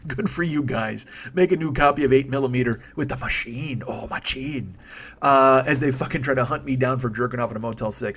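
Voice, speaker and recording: A man talks quickly into a microphone on his comedy podcast. He rants in a loose, rambling way, heavy with profanity and sarcasm. His pitch sits in the middle range. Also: fairly bright tone, slight background noise. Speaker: podcast host. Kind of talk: solo comedy podcast rant. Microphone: studio microphone.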